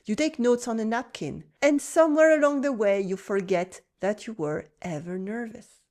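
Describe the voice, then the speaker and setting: A woman with a French accent teaching French, narrating a calm, encouraging scripted lesson. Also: a little high, moderate pace. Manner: calm, encouraging, acts out short French dialogue lines.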